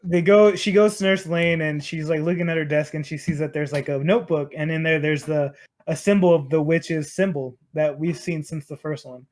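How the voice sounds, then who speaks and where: A man recapping a film for his podcast co-hosts in loose, profane chat, full of fillers and restarts. His voice sits fairly high. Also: fairly even intonation, moderate pace, darkish tone. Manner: rambling, profane, lots of fillers. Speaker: podcast host. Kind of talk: casual movie recap chat.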